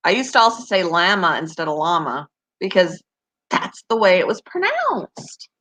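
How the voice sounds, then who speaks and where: Giggly canadian lady chatting on her stream, bright tense-ish voice. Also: on the low side, very animated, normal speed. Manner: chatty, giggly, answers viewers' comments. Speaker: pet channel host. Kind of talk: casual live-stream chat.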